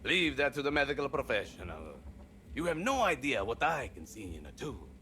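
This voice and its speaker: A man's voice: huge pitch swings, normal speed, bright, forceful tone, slight background noise, exaggerated voice. A man voicing a paranoid, unhinged middle-aged male doctor in a video game, with an erratic put-on accent and a sneering manner. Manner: sneering, swinging between high shrill and deep growl.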